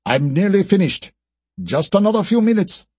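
A driven soldier hacker speaks urgently in a lifted, husky voice, as a male narrator puts him on. The sound is dry and close in this audiobook. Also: high-pitched, lively intonation, normal speed, darkish tone, no echo, voice pushed up. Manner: urgent, intent.

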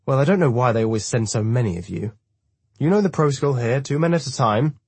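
A man's voice: medium pitch, animated, quick pace, darkish tone, husky, no room sound, pitched above the performer's own voice. A man narrating an audiobook, voicing a suspicious, scolding old woman guarding a house. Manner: scolding, brusque.

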